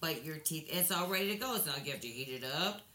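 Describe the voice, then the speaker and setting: A woman's voice: low voice, animated, fast, roomy sound, a loud crowd. A woman co-hosting a casual podcast chat, telling rambling stories, swearing freely and laughing as she goes. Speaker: podcast co-host.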